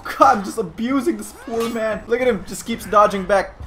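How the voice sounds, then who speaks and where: A young man narrates his gameplay with a high, lively voice that leaps around in pitch. He is excitable, trash-talks his opponents and breaks into frequent shouts, with a bright edge to his tone. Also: moderate pace, few pauses. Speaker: gaming video host. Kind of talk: gameplay commentary.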